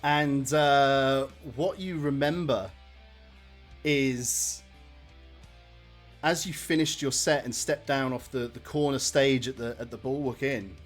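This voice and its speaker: A man's voice: medium pitch, fairly even intonation, slow, faint music behind. A man narrating as game master in a casual way, with many fillers. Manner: casual, lots of fillers, laughs often.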